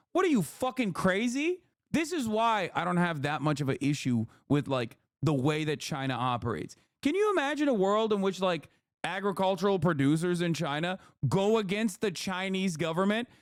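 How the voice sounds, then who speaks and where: A man's voice: sits high, no echo, studio quality. A man doing profane, sarcastic political commentary, reacting to clips. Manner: heated, sarcastic, swears a lot.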